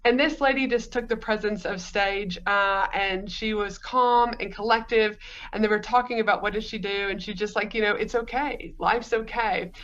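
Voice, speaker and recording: A woman's voice: mid-range voice, fairly even intonation, moderate pace, a bit bright, lo-fi sound. A woman from Australia, a podcast guest telling her story in a rambling, chatty way. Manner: rambling, storytelling, frequent fillers. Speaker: podcast guest, business coach. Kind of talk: conversational interview.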